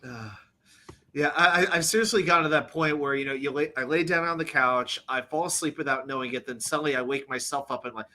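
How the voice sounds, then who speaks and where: A man in a casual chat, musing aloud in a halting, chatty way. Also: medium pitch, sharp tone.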